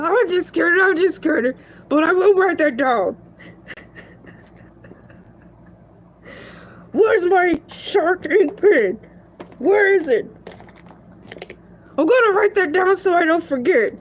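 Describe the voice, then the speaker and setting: Woman voicing a very high goofy shark. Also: a bit bright, exaggerated voice. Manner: rambling, giggly, stretches words out. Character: goofy rambling male shark celebrity. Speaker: show guest. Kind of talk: comedic in-character monologue.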